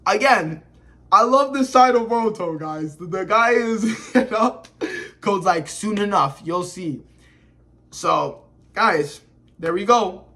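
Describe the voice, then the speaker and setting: A reviewer talking through a manga chapter casually, in slangy, excitable and profane speech. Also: mid-range voice, a little slow.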